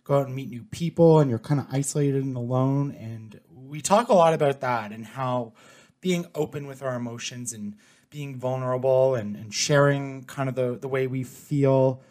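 Canadian male podcast host, chatty and upbeat; mid pitch, dry close sound. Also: moderate pace, darkish tone, no echo. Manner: upbeat, chatty, lots of fillers. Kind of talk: podcast intro and interview.

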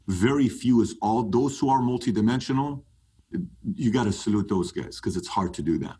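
Husky man, emphatic interview guest. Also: animated, normal speed, dark tone. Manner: emphatic, rising pitch when fired up. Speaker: podcast guest. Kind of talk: animated interview talk.

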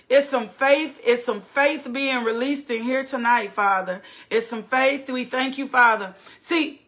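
High-voiced woman preaching with rising fervor. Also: a bit bright. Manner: repetitive, building cadence with exclamations. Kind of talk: sermon. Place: church service.

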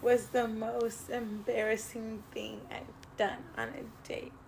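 A woman's voice: a little high, little pitch movement, takes it slowly, gravelly, darkish tone, slight background noise. A woman hosting a casual podcast chat, hesitant and filler-heavy, breaking into laughter often. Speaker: podcast host.

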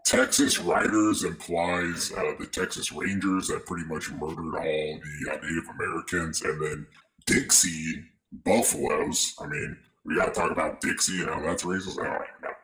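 A man's voice: sits low, steady tone, moderate pace, fairly bright tone. A man cohosting a casual sports podcast, wry and jokey in his picks. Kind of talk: casual chat.

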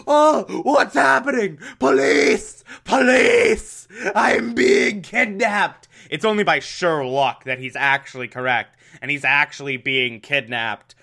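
A man's voice: medium pitch, bright, forceful tone. A man giving a casual, comedic recap of an episode, wry and chatty with laughing asides. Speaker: show host recapping an episode.

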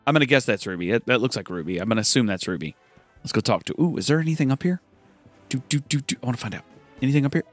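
Brief: let's-player, lively swooping delivery, bone-dry close mic. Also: male voice, mid-range voice, very fast, dry recording, soft background music. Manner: excitable, chatty, gushing. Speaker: gaming streamer. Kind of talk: let's-play commentary.

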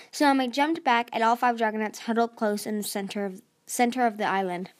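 A woman's voice: on the high side, a little mellow. A woman hosting a podcast, reading a novel aloud expressively with small stumbles. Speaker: audiobook podcast host.

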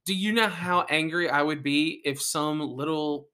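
Higher-voiced man reading, then joking. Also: unhurried, bright, forceful tone, clean tone. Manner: reads ride facts then jokes and asides. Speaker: podcast co-host. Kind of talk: casual chat.

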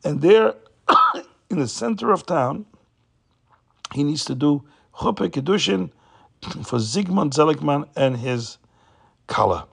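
A man retelling a story casually, with a raspy voice and frequent fillers. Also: fairly high pitch, lively intonation, slow pace, long pauses, a bit bright.

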